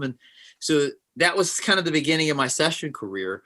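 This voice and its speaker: Brief: guest musician, bright forceful voice, lively anecdotes, plays out every quote. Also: male voice, a little high, brisk. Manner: animated, acts out quotes. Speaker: session guitarist, guest. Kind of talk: interview storytelling.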